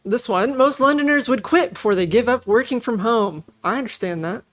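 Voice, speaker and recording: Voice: medium pitch, brisk, fairly bright tone. Tech-show co-host, mid-range voice, headline reader with dry asides. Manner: reads headlines, then adds short wry remarks. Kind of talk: casual tech news discussion.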